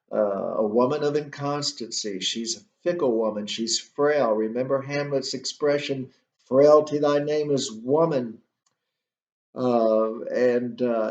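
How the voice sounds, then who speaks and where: A man teaching a literature lecture, pausing often and asking the class rhetorical questions. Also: mid-range voice, muffled recording. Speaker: literature instructor. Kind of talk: recorded lecture. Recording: echoey room, voice far from mic.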